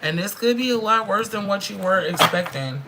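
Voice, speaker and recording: A middle-aged woman giving a frank, swearing, animated live-stream tarot reading, calling her viewers girl and friend. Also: mid-range voice, normal speed, heavy background noise. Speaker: tarot reader.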